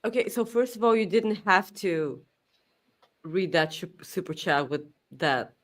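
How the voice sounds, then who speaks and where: A woman's voice: fairly low pitch, expressive, unhurried. Blunt downbeat woman co-host. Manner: downbeat, blunt, swears casually. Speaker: podcast co-host. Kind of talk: casual wrestling preview chat.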